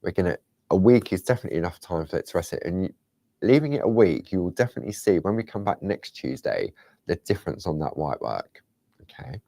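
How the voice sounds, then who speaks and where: A man hosting a craft show, chatting casually and rambling a little as he demonstrates, sometimes dropping to a soft near-whisper. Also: sits low, very animated, quick pace, creaky, no room sound.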